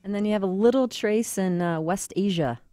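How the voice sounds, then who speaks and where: A woman appearing as a guest on a morning radio show, calmly explaining and guiding the hosts. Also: medium pitch, brisk, dry recording, faint music behind. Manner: calm, helpful, explanatory. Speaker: genealogy company guest.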